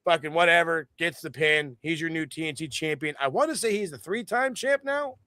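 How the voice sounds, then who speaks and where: A man's voice: on the high side, fairly quick, pushed and bright, no room sound. A man co-hosting a casual wrestling review podcast, telling the story animatedly with lots of swearing and mocking quoted voices. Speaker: podcast co-host.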